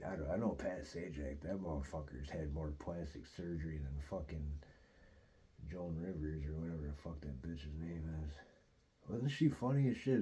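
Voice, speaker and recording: A man with a very deep voice rambles through a story, cursing freely and dropping "dude" and "like" everywhere. His tone is dark and relaxed, with the loose flow of casual storytelling. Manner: profane, loose, peppered with "dude" and "like"; rambling and animated in retelling. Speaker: host.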